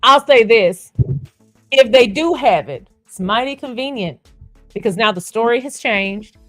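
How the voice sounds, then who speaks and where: A woman's voice: on the high side, animated, measured pace, fairly bright tone, dry recording, soft background music. A woman hosting a livestream, blunt and sarcastic, reading viewer comments and laughing often. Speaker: livestream host.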